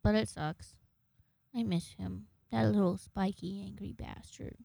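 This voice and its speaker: A woman's voice: medium pitch, fairly even intonation, measured pace, creaky, mellow, husky, dry recording. A young woman in her twenties telling rambling, jokey, profane stories to camera in a casual vlog. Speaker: vlogger.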